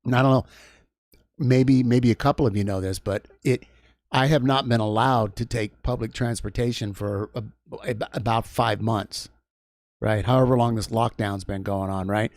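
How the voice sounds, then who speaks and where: A man's voice: medium pitch, steady tone, moderate pace, a little mellow, dry recording, studio quality. A man hosting a livestream, telling a long story in a casual, rambling way with many restarts and asides. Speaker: livestream host. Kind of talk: casual chat.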